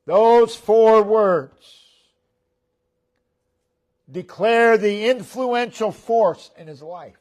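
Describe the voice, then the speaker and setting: A man preaching a sermon as pastor in a church, repeating key phrases with emphasis and letting phrase ends fall to a low murmur. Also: very slow, pauses often, darkish tone. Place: church sanctuary.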